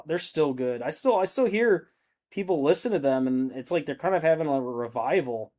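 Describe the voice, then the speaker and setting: A man's voice: a little high, lively intonation, moderate pace, dark tone. A man in his thirties hosting a hobby stream, chatting casually and reading out viewer comments, rambling and swearing freely. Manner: laid-back, rambling, swears a lot.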